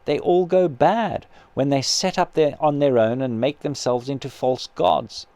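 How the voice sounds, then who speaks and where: A man reading aloud as a patient male spirit who gently and earnestly persuades his grieving sister. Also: medium pitch, a little slow, creaky, no echo. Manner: calm, kindly, earnest persuasion.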